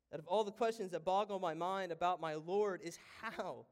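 Brief: male pastor, high-pitched voice, impassioned sermon delivery swinging from quiet to loud. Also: normal speed, hardly any pauses. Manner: impassioned preaching with wide swings from hushed to loud. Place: church sanctuary.

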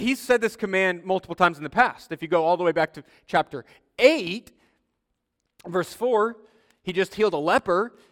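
A man's voice: sits high, a bit bright. A man in his thirties preaching a sermon, talking casually and telling stories that act out the people he quotes. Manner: conversational storytelling, acts out quoted voices. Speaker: pastor. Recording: long hall reverb.

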